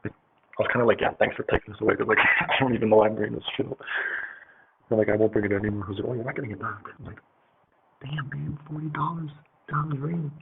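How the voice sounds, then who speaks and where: A man's voice: on the low side, flat delivery, racing, creaky. A man telling a story in a casual, rambling way, with lots of fillers and swearing. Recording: tinny phone-like audio with faint hiss.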